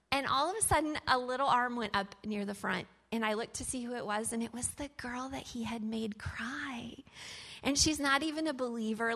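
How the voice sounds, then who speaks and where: A woman's voice: on the high side, a bit bright. A woman animatedly telling a personal story from her camp ministry work, in a chatty style full of fillers.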